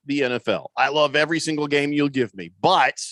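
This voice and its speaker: A man hosting a sports radio talk show, playful and animated in casual chat. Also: on the high side, a little fast, no room sound.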